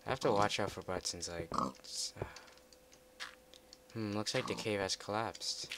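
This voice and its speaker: A man giving casual commentary while playing a game, chatty and muttering to himself, with excitable outbursts. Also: lowish voice, moderate pace. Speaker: let's play gamer. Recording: loud background noise with keyboard typing.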